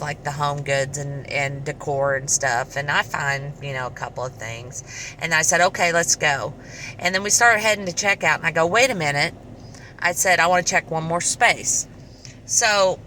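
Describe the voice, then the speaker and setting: Low-voiced, crisp chatty woman. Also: a little hiss or hum, poor audio. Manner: chatty, animated retelling with quoted dialogue. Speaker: vlogger. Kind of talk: casual storytelling.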